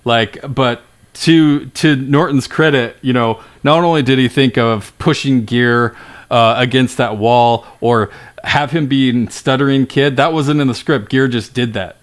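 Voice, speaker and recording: A man's voice: medium pitch, measured pace. Man chatting casually about films. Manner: rambling, with frequent fillers and self-corrections. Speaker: film podcast co-host. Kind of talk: casual film discussion.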